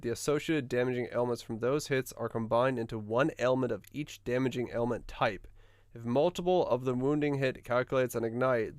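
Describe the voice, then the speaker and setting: A man's voice: mid-range voice, smooth, dry recording, studio quality. A man streaming live, reading game notes aloud and musing over them, trailing off and restarting mid-thought. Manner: muses aloud, trails off and restarts, swears in surprise.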